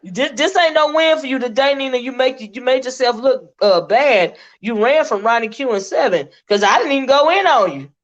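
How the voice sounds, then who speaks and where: A woman's voice: high voice, animated, normal speed, hardly any pauses. A woman hosting a casual panel chat, sassy and teasing, laughing often. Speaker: channel host. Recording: dull lo-fi stream audio.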